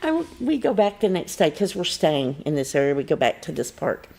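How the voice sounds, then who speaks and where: A woman hosting a local morning TV show in a studio. Her voice sits a little low and has a gravelly, fry-edged grain. She talks in a chatty, storytelling way, laughs often, and moves easily into a calm spoken prayer. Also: fairly quick. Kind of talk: casual on-air chat and prayer.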